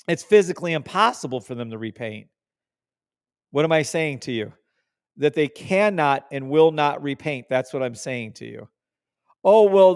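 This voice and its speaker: A man with a fairly high, gravelly voice hosts a live trading stream in a loose, chatty way. He leans hard on words and repeats them for emphasis. The sound is close and dry, with no room around it. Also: no echo. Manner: emphatic, repeats words for stress, swears when riled. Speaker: trading livestream host. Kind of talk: casual live trading commentary.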